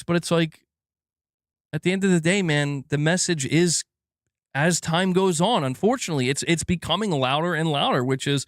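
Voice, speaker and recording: A man's voice: high voice, fairly quick, no room sound, studio quality. A man in his thirties hosting a gaming channel, ranting casually with frustration, swearing and stumbling over restarts. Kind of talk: casual livestream rant.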